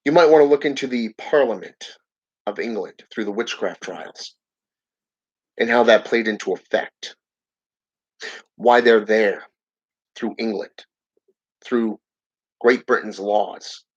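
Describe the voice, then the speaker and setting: A man's voice: fairly low pitch, slow pace, pauses often. A man hosting his channel, reading viewer comments aloud in a casual live-stream chat and chuckling often. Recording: dull lo-fi audio.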